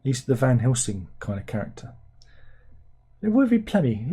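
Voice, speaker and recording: A man's voice: medium pitch, big pitch swings, measured pace, pauses often, mellow, slightly rough. A man giving a casual film review, blunt and sarcastic, rambling from one aside to the next.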